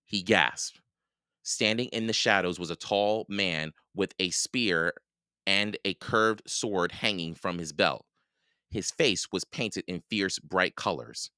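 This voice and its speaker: A man reading a children's storybook aloud in a slow, expressive way. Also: sits low, no room sound, studio quality. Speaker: reader.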